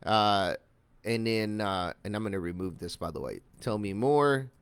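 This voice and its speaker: A man's voice: low voice, lively intonation, normal speed, a bit bright, clean tone, dry recording. A man giving a loose, conversational screen-share tutorial, greeting viewers by name and using lots of fillers. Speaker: online marketing instructor.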